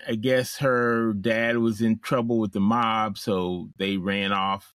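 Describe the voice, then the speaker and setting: A man's voice: lowish voice, level tone, a bit bright, no echo, clean studio sound. A man hosting a podcast, steering a casual film discussion with questions and many restarts. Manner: asks questions, steers the talk, halting with restarts. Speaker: podcast host. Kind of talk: casual movie review chat.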